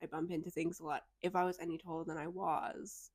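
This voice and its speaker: Animated young woman chatting on a podcast. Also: fairly quick, breathy edge, dry recording. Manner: animated storyteller, leans on "like", bursts into high excited outbursts. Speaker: podcast co-host. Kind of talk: casual chat.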